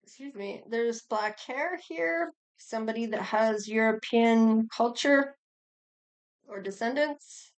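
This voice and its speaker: A woman's voice: fairly high pitch, slow. A middle-aged woman giving a casual tarot reading, chatty and rambling, with sighs and small laughs. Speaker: tarot reader.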